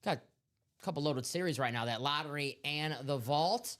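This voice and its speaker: A man's voice: on the high side, moderate pace, a bit bright. A man co-hosting a live sports memorabilia break stream from a studio break room, answering in easygoing, joking banter. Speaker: co-host.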